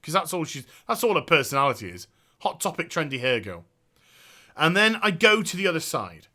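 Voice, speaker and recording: A man's voice: on the high side, big pitch swings, brisk, bright, forceful tone. A man giving an exasperated, sarcastic and profane game review rant.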